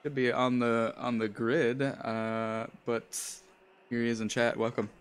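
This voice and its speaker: Guy doing sim race commentary, slow easygoing delivery, jokey, laughs a lot. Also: medium pitch, flat delivery, smooth. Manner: jokey, laughs often, stumbles over names. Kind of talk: live sim racing commentary.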